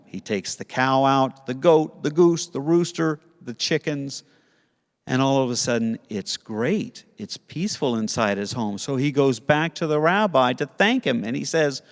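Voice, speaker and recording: A man teaching Sunday school to kids, telling a story in a playful, animated way. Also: medium pitch, long reverb tail. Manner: playful, animated storytelling with put-on character voices.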